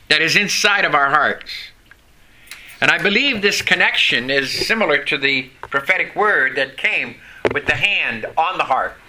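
A man's voice: fairly high pitch, pushed and bright. A man preaching a sermon, earnest, putting rhetorical questions to his listeners.

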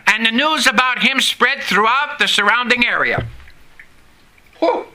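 Middle-aged male pastor, high bright voice, sermon delivery with call-and-response and sudden low drops. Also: animated. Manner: preaching with call-and-response, dramatic pauses and drops in pitch.

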